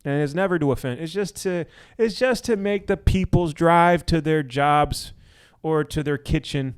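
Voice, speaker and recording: A young man co-hosting a podcast in casual, joking chat, full of quick restarts. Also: a little high, clear, resonant tone. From Washington D.C. area. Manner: hyped, joking, talks fast with restarts. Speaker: podcast co-host.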